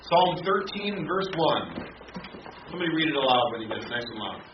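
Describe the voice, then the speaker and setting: A man teaching a Bible study class, pausing often with repeated words and fillers. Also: mid-range voice, very animated. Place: classroom or church hall. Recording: roomy, distant, dull, noisy room recording.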